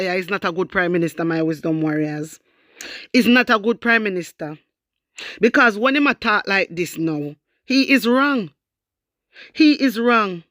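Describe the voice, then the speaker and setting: A woman's voice: mid-range voice, fairly bright tone, no echo, studio quality. A Jamaican woman giving emphatic political commentary to her viewers in heavy patois, repeating her points for effect. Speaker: online commentator.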